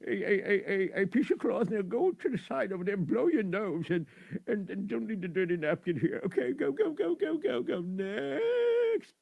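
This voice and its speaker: A man's voice: high voice, big pitch swings, moderate pace, creaky, no room sound, phone-quality sound, exaggerated voice. A man voicing a jolly male court doctor who laughs at his own jokes and brushes patients off. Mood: amused.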